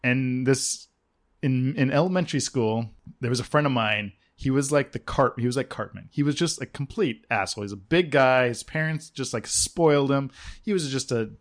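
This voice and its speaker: A man co-hosting a podcast, telling a story in casual chat, animated and laughing often, acting out quoted lines. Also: medium pitch, normal speed. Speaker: podcast co-host.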